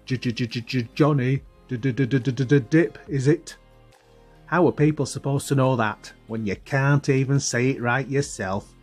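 A man's voice: mid-range voice, normal speed, a little mellow, faint music behind, lightly acted. A man voicing a cocky young boy who mocks his friends. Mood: mocking. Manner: swaggering, mocking banter.

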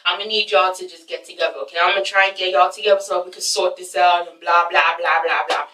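A woman voicing an evasive man who talks low and mumbles, retold in her vlog review. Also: steady tone, fast, bright, forceful tone. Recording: roomy, mic at a distance.

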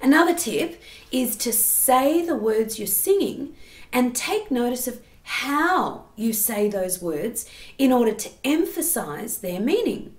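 A woman's voice: on the high side, very animated, slow pace, roomy sound. A woman giving a singing lesson, explaining step by step and breaking into sung examples. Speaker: singing teacher.

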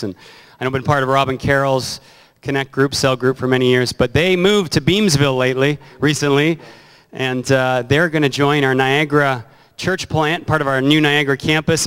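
Pastor, man, clear resonant tone, relaxed. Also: mid-range voice, low-quality recording. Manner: relaxed, plain-spoken, blessing prayers. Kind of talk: sermon and offering announcements. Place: large church auditorium.

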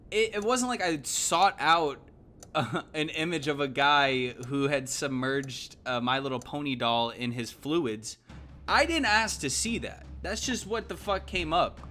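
Young male streamer, higher-leaning voice, loose profane rambling, jumps from mutters to excited yelps. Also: slight background noise. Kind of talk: casual gaming stream chat.

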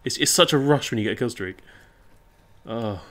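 A man's voice: medium pitch, moderate pace, a bit bright. Chatty man commentating gameplay. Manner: chatty, rambling, swears and reacts aloud to the game. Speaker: gaming YouTuber.

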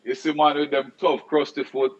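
A man's voice: on the high side, little pitch movement, normal speed, dull audio. A man with a Jamaican accent who hosts a casual debate, cutting in and pressing the guest with questions.

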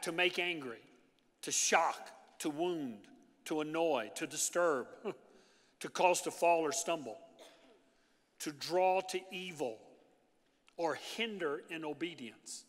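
A man preaching a lively sermon, talking with his congregation and tossing them asides as he goes. His voice is bright and forceful, a little higher than most men's, and it rings out across a large church hall with a long echo. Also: slow, pauses often. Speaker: pastor.

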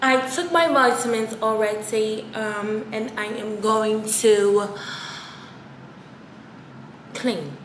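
A woman's voice: a little high, takes it slowly, pauses often, fairly bright tone, reverberant, slight background noise. A woman faking a posh British accent. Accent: put-on British. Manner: swearing freely, playful and exasperated. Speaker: vlogger. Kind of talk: casual vlog monologue. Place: her apartment.

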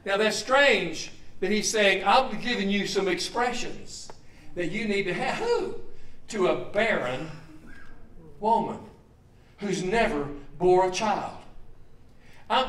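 High-voiced man preaching in an echoey church. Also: normal speed, recorded from a distance. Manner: swings from low and steady to loud joyful shouts. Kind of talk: sermon. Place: church hall.

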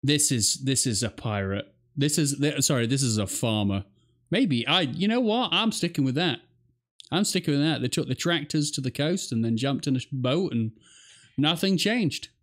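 A young man with an English accent reacts to a video, his voice bouncing with lively, animated swings. He is incredulous and rambles through jokes, swearing freely. It is casual, unscripted commentary. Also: mid-range voice, moderate pace. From England.

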